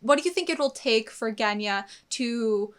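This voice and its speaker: A young woman with a slightly high voice talks in a relaxed, enthusiastic way. She thinks aloud as she goes, with plenty of fillers and small restarts, like a co-host in a casual discussion. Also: normal speed. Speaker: co-host of an anime reaction channel.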